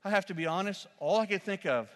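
A man, a pastor, preaching a sermon in a church, telling a humorous story with lively, shouted quotes. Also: high voice, fast talker, big-room sound.

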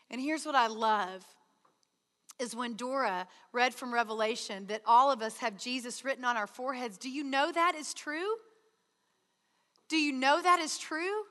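Woman retreat speaker, high bright voice, earnest sermon, hall reverb. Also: moderate pace. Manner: earnest, acts out prayer dialogues with God. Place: large hall.

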